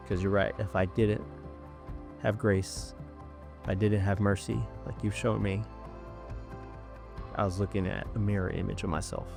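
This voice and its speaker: A man's voice: fairly low pitch, level tone, moderate pace, vocal fry, long pauses, music in the background. A man giving a personal faith testimony, earnest and storytelling, acting out the voices of people he quotes. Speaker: testimony speaker.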